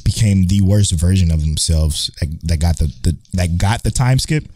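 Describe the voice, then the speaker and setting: Deep-voiced man, loose and profane. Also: moderate pace, dark tone, dry recording. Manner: swears often, laughs easily, trails off and restarts. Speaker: podcast co-host. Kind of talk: casual chat.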